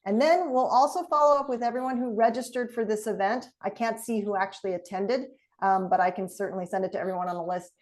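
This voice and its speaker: A woman trainer leading an online session, talking in a lively, conversational coaching tone over a video call. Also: mid-range voice, quick pace, few pauses.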